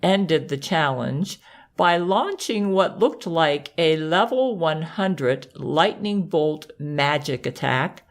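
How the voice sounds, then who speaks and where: A woman hosting, narrating a scripted story in a wry, unhurried reading manner. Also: deep voice, expressive.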